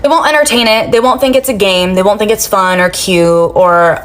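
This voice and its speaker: A woman's voice: medium pitch, a little fast, few pauses. A woman giving blunt, profane advice in a casual straight-talk monologue. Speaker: advice speaker.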